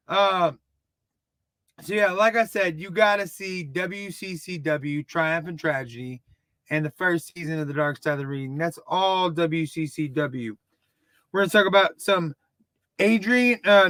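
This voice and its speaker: A man in his thirties from Dallas with a Texan accent, rambling excitedly and mocking himself while reviewing a movie. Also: sits high, dry recording. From Dallas, Texas. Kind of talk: casual video review.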